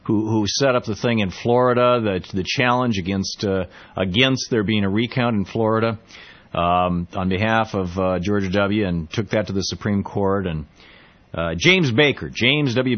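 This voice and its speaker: A man hosting a political talk radio show, speaking in a halting, sarcastic monologue full of restarts. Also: on the low side, muffled recording.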